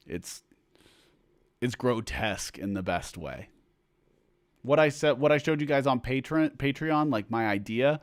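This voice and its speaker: A man chats casually on a livestream from a room at home, reading viewer comments aloud and trailing into rambling asides full of fillers. His voice sits in an ordinary middle range. The sound is dry, with little room echo. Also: mid-range voice. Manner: rambling, chatty, self-interrupting with fillers. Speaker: musician hosting a livestream for supporters.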